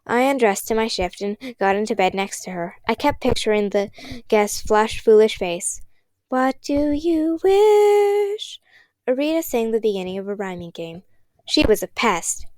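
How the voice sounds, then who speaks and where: A woman narrating a novel in a gentle, measured reading voice. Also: mid-range voice, no echo. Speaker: audiobook reader. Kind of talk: storybook narration.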